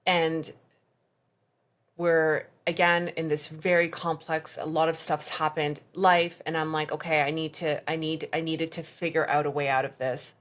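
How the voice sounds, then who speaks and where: Woman guest, low voice, halting delivery that slips into reenacted dialogue, candid testimony. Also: little pitch movement. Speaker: podcast guest. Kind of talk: personal testimony in conversation.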